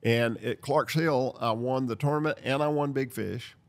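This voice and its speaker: Gravelly older man telling stories. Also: mid-range voice, normal speed. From North Carolina, USA. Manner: lively storyteller who acts out dialogue and laughs. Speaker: podcast host. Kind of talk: storytelling podcast chat.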